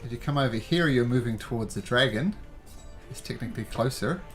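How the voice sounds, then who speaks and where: Male game master, mid pitch, patient rule explanations, laid-back table narration. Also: a little fast, soft background music. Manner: calm, explains rules patiently.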